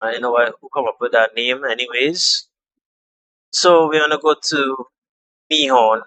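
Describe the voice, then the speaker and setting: A man's voice: medium pitch, steady tone, moderate pace, bright, forceful tone, no room sound, rough recording. A young man walking viewers through a phone app in a casual, chatty tutorial, repeating steps and trailing off with fillers. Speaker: tutorial host.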